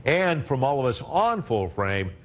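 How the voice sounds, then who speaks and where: A man reading a scripted closing announcement as a show host, in a smooth broadcast style. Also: mid-range voice, very animated, unhurried, very noisy.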